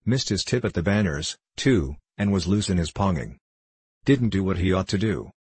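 A man's voice: sits low, lively intonation, moderate pace, a little mellow, husky, no echo, full character voice. A man reading the part of a swaggering adult male circus horse-rider who talks bluntly, with circus slang.

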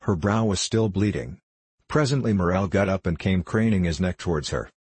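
Husky deep-voiced male narrator. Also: normal speed, darkish tone, no room sound. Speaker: audiobook narrator. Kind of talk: scripted narration.

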